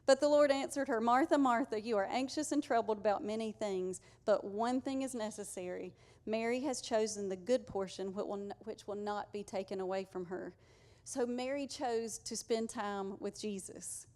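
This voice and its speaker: A woman's voice: mid-range voice, moderate pace, a little mellow. A woman preaching a conversational, earnest sermon to her congregation. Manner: conversational, earnest, uses y'all.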